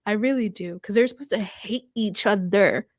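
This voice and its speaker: A woman's voice: medium pitch, normal speed, no echo, clean studio sound. A woman hosting a casual reaction chat, talking with laughs and acting out quotes. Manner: chatty, laughs often, acts out quotes. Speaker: host.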